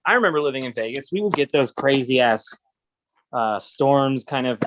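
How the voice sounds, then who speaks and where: A man hosting a relaxed chat, telling stories in an animated, rambling way and swearing casually. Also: medium pitch, normal speed, noisy background. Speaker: host.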